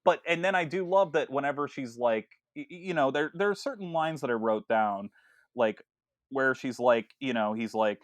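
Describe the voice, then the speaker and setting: A man co-hosting a casual film podcast, talking in an animated way with lots of stammered restarts and acted-out quotes. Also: medium pitch, normal speed, no echo. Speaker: podcast co-host.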